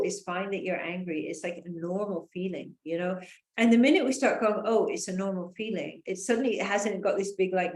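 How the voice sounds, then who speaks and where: A woman talking casually, rambling, with frequent fillers, and acting out the voices she quotes. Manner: rambling, full of "you know" and "like" fillers; acts out quoted voices with raised pitch. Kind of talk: casual conversational talk. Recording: echoey room.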